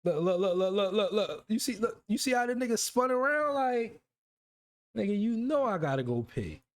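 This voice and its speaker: A man streaming live talks in with a lively, swooping pitch. He teases and curses freely. His raised voice sits over a dry, close mic. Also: normal speed, dry recording. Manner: animated, teasing, swears a lot, mocking quoted voices. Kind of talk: casual livestream banter.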